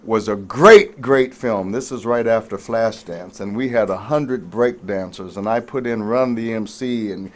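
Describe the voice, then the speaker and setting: An older man, a former radio announcer and actor, telling stories as a talk show guest with crisp trained diction. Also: lowish voice, a little slow, few pauses. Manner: animated storyteller, trained announcer diction, acts out quotes loudly. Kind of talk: casual interview chat, storytelling.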